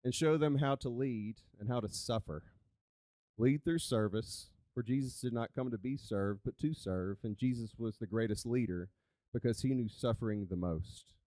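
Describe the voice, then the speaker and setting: A man telling a live story on stage as a coach, animated and conversational. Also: mid-range voice, moderate pace, no room sound. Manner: animated, conversational, chatty with "like" fillers. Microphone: handheld microphone.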